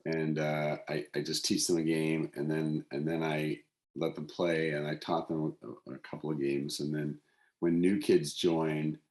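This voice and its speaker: A man's voice: very deep voice, flat delivery, a little mellow. A man hosting an interview, talking casually and thoughtfully, with frequent halts and restarts. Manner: halting, many restarts, thoughtful. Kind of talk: casual conversation. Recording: roomy echo.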